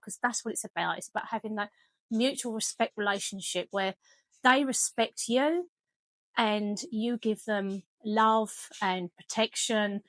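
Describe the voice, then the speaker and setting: A woman's voice: mid-range voice, fairly bright tone, no room sound. A woman, a dog trainer talking casually as she demonstrates a lesson at home. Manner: chatty, firm commands to the dog. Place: home kitchen.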